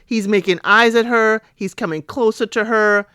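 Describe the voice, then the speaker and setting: A woman's voice: on the high side, moderate pace, smooth, no room sound, studio quality. A middle-aged woman hosting a podcast, casually recapping a TV episode, acting out the characters' lines with playful asides. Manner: chatty, animated retelling with playful asides and laughs; acts out characters' lines in quotes.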